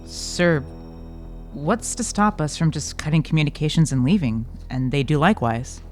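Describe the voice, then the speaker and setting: A man's voice: fairly high pitch, animated, moderate pace, faint music behind, lightly acted. A man playing an earnest young communications officer. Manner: respectful, questioning, deferential.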